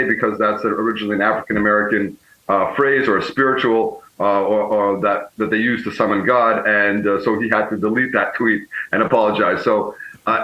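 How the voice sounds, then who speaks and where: A man speaking as a political strategist guest, measured and often correcting himself mid-sentence. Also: lowish voice, sharp tone. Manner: measured, frequently self-correcting. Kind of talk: remote guest commentary. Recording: echoey, muffled remote feed.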